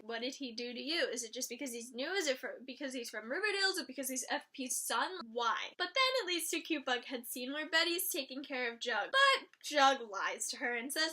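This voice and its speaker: A young woman chatting casually as she reviews a TV episode, animated and gushing, with exasperated outbursts. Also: sits high, normal speed. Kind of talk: casual chat.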